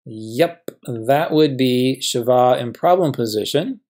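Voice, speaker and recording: A man's voice: mid-range voice, slow pace, darkish tone. A man teaching a grammar lesson as a professor, patiently walking through each example and asking and answering his own questions.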